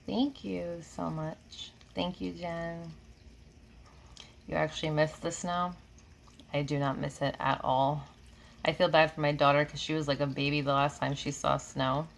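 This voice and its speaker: A woman from New York with a slight Southern drawl speaks in a low, gravelly voice. She chats easily with live-stream viewers, answering comments one after another and laughing often. The recording carries a faint hum of room noise. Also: little pitch movement, a little slow. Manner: chatty, laughs often, drifts between comments. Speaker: reiki healer hosting a live stream. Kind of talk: casual live-stream chat, reading comments. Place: home room with air conditioning.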